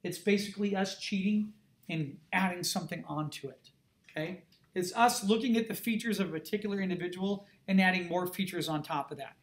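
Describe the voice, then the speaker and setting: A man's voice: high-pitched, brisk. A middle-aged man, an art instructor, giving a classroom lecture in an emphatic, conversational way and checking in with his students often.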